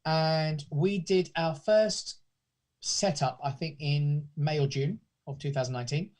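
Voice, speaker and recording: A man's voice: fairly high pitch, a little slow, darkish tone. A man from the UK, a guest in a casual interview, talking in a rambling way with many restarts. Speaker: guest, pantomime academy founder.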